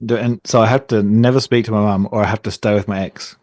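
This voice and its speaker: A man's voice: lowish voice, fairly even intonation, fast talker, a little mellow, dry recording, studio quality. Teasing Australian man on a podcast. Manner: teasing, jokey, hesitant with fillers. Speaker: podcast co-host. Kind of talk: casual chat.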